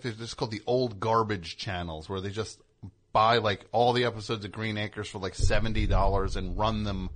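Bright-voiced man hosting a chat show. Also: lowish voice. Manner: jokey, riffs on bits with laughs. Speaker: radio show host. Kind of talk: casual comedic chat.

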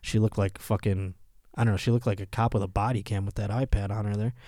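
A man's voice: on the low side, fairly even intonation, fast, warm tone, no room sound, clean studio sound. A man hosting a comedy podcast, reading odd news stories with crude, mocking asides and frequent laughter. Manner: puts on voices for quoted people. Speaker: podcast host. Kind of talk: casual comedic news commentary.

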